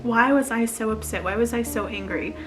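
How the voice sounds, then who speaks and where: A woman's voice: fairly high pitch, fairly quick, music in the background. A woman in her twenties chatting in a confessional vlog, emotional and laughing nervously as she reads her old journal aloud. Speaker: vlogger.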